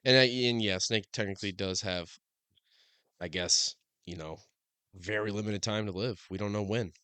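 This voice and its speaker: Young man, podcast co-host, joking reactions, casual chat, crisp tone, dry close mic. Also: on the low side, moderate pace, pushed and bright, no room sound. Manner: reactive, short joking interjections.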